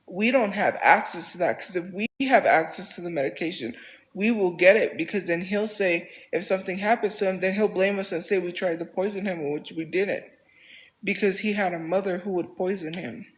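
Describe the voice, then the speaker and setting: A man's voice: high-pitched, normal speed, low-quality recording. A man telling a story on a casual livestream, rambling and repeating phrases for emphasis in a heated, defensive way.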